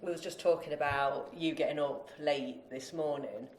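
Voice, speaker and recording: A woman's voice: low-pitched, fairly even intonation, normal speed, slight background noise. A woman co-hosting a podcast, chatty and casual with friendly laughs. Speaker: podcast co-host, accountant. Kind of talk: casual chat. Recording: echoey room.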